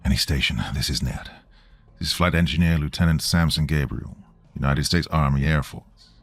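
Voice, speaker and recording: A man's voice: a bass voice, moderate pace, fairly bright tone, no echo, faint music behind, pitched below the performer's own voice. A man voicing a weary American airman lieutenant who talks bluntly and curtly. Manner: blunt, curt.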